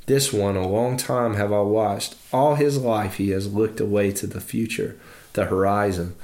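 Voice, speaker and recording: A man's voice: fairly low pitch, darkish tone. A man reading the lines of an ancient small alien master, stern and patient, in clipped phrases with inverted word order.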